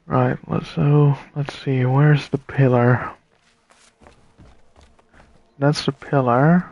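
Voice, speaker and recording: A tired man comments casually on a puzzle game as he plays. He talks slowly with many pauses, thinks aloud and chats to his viewers. His voice sits mid-pitch and sounds dry and close to the mic. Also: dry recording, dull audio. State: tired and yawning. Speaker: streamer playing a puzzle game. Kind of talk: casual let's-play commentary.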